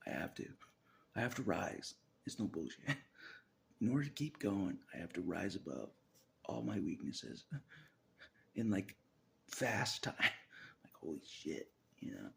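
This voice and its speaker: Deep, very gravelly, raspy man. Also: sing-song, unhurried, pauses often. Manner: swings between loud declarations and muttered whispers; swears often and laughs to himself. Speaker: vlogger. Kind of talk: unscripted personal monologue.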